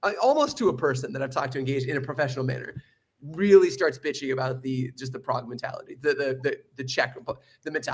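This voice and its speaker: A man on a video call telling stories in a casual chat, animated and laughing as he talks. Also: mid-range voice, quick pace. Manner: animated storyteller, laughs while talking. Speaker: remote guest co-host.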